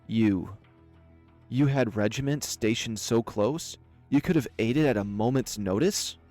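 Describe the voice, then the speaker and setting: A man voicing a towering, furious female lioness clan leader, speaking slowly and seething. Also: medium pitch, mellow, faint music behind, close to an everyday voice. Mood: accusing. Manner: slow, seething delivery.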